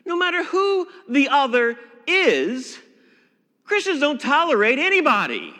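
A man preaching a sermon as pastor, emphatic and expressive, dropping at times to a hushed voice. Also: very high voice, a little slow, big-room sound. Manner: expressive, emphatic preaching with dramatic drops to a hush.

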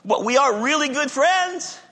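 A man preaching a sermon as pastor, emphatic, moving between loud declarations and quiet low passages. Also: expressive, measured pace. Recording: long reverb of a large hall.

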